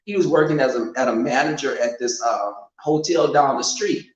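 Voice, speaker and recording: A man telling casual stories at home, animated and loud when he quotes people, in an echoing room. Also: moderate pace. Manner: animated, swings loud and high when quoting. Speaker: storyteller. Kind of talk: casual storytelling. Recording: roomy home echo, muffled sound.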